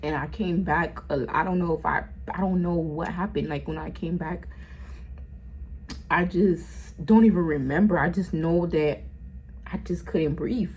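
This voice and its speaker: A woman with a low, gravelly voice tells an emotional story slowly, halting and circling back over her words. Her voice climbs and drops with feeling as she speaks. A faint hiss sits under her camera-mic recording at home. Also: darkish tone, low-quality recording. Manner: halting, repeating herself, voice rising and falling with feeling. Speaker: vlogger.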